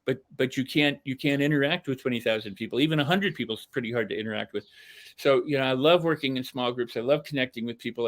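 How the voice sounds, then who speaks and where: A man's voice: mid-range voice, fairly bright tone. An older man, a self-help speaker, earnestly telling a personal story as a podcast guest, repeating phrases for emphasis. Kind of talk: candid storytelling.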